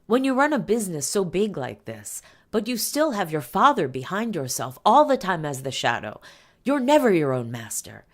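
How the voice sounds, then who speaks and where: A woman voicing a middle-aged French socialite woman with a French accent, speaking in a halting, emphatic way. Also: fairly low pitch, big pitch swings, voice pushed up. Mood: earnest.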